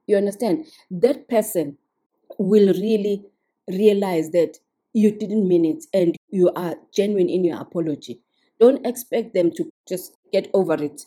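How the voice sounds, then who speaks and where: A woman talks straight to her listeners in a casual podcast monologue, earnest and instructive. Her voice is very dark and mellow, with a husky, breathy edge. She keeps checking that the listener is following. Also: mid-range voice, normal speed. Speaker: podcast host.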